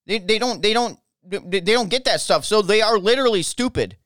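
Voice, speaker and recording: An American man rants on his podcast, swearing hard and tripping over his own words as he goes. His voice is smooth and resonant, recorded dry and close with no room sound. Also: high voice, lively intonation, brisk, a bit bright, no echo. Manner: angry, profane, repeats himself. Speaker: podcast host. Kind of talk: ranting political podcast monologue.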